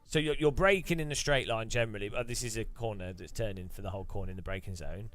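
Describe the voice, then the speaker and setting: A man's voice: on the low side, fast talker, a bit bright, faint music behind. A man chatting casually about sim racing as he plays, rambling with chuckles and restarts. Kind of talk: casual gaming chat.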